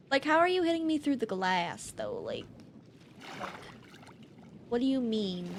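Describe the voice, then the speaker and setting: A woman's voice: on the high side, slight background noise. A woman YouTuber giving casual gameplay commentary at her desk mic, easily exasperated and breaking into outbursts and laughs. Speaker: gaming YouTuber.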